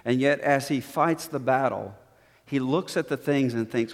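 A man preaching a sermon as pastor, swinging between quiet, low-spoken passages and emphatic, raised declarations. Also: measured pace. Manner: dynamic preaching, dropping to soft low tones and rising to emphatic. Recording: long reverb of a hall.

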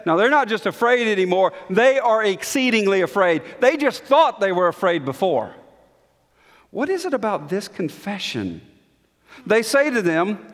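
A man with a high voice preaches an expository sermon, reading scripture with strong emphasis. His words carry a long reverb from a large church hall. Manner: emphatic, voice rising when reading quoted questions.

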